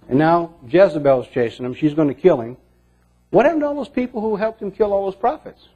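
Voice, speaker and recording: A man preaching with a fairly high, mellow voice, earnest and shifting between emphatic lines and hushed ones. The sound is dull and lo-fi, like an old sermon tape. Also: breathy edge. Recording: dull lo-fi recording.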